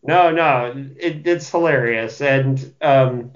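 A man's voice: medium pitch, slow. A man in casual chat about a book, giving thoughtful opinions with hesitant fillers. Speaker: book podcast co-host. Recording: dull lo-fi sound.

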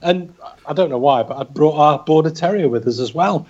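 A man's voice: on the high side, fairly quick, darkish tone, muffled recording. A man, a podcast co-host telling wry, self-deprecating anecdotes in a casual way. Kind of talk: casual storytelling.

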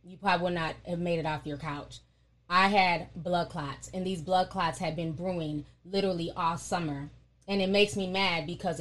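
A woman's voice: fairly low pitch, a bit bright. A woman talking casually and bluntly to her followers, emphatic and swearing freely. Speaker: online content creator speaking to her followers. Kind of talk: casual unscripted talk to camera.

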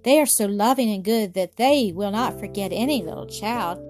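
A woman's voice: medium pitch, normal speed, natural voice. A woman voicing an eager, cheerful little girl in a storybook reading, with a pleading, hopeful way of talking. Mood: joyful. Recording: music playing behind.

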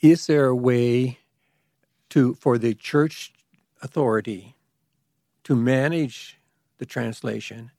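Gravelly-voiced man explaining at length. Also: mid-range voice, mellow, no echo, studio quality. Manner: measured, explaining at length with restarts. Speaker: guest expert on liturgy. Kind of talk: explanatory conversation.

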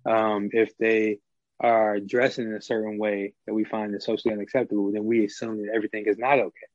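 A man's voice: lowish voice, flat delivery, fairly quick, darkish tone, no room sound, dull audio. A middle-aged man talking through ideas in a casual conversation, with many fillers and restarts. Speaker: podcast guest.

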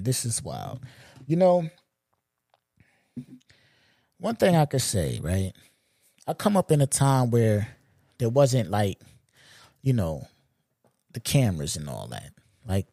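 A man in his forties hosting a solo podcast, ranting in a loose, profane, animated way and laughing at his own jokes. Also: on the low side, gravelly, dry recording, clean studio sound. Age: 40s. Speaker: podcast host. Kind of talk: solo comedic podcast rant.

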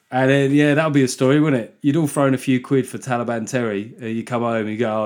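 Talking fast with hardly any pauses, this solo podcast host rambles through sarcastic, joking tangents and chuckles at his own side comments. His medium-pitched voice has a darkish tone, and the monologue is casual.

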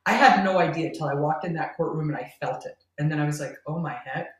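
A woman's voice: low-pitched, fast talker. Woman telling her story from a roomy distance. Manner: earnest, tearful at times, laughs between lines. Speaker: guest. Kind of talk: emotional personal storytelling.

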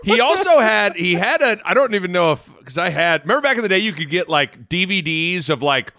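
A male podcast co-host chatting casually and animatedly, breaking into yelled bits. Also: sits high, fairly quick, no echo. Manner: animated, bursts into yelled impressions. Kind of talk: casual chat.

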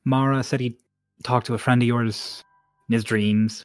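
A man's voice: mid-range voice, fairly even intonation, normal speed, no room sound, clean studio sound, faint music behind, close to an everyday voice. A man voicing a laid-back, blunt woman sailor with a Cockney accent and clipped, offhand phrasing.

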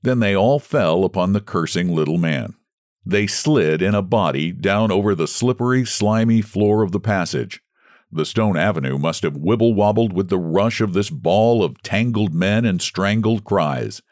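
A man hosting and reading a story aloud in scripted, expressive, dramatic narration. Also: deep voice, normal speed, no echo, studio quality. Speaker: host and story reader.

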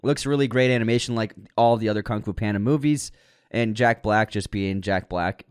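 A man, co-hosting a casual movie news podcast, acting out quotes and tossing in quick asides. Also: lowish voice, smooth. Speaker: podcast co-host.

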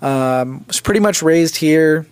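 A man's voice: on the high side, slow, a little mellow, clean tone, dry recording. A young man co-hosting a podcast, chatting casually and hesitantly, with lots of fillers and restarts. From India. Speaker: podcast co-host. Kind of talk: casual chat.

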